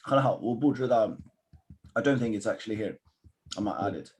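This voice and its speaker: A man's voice: lowish voice, lively intonation, fairly quick, crowd noise. A man teaching a live online Mandarin lesson, switching between English and Mandarin and coaching a student encouragingly. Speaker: Chinese teacher.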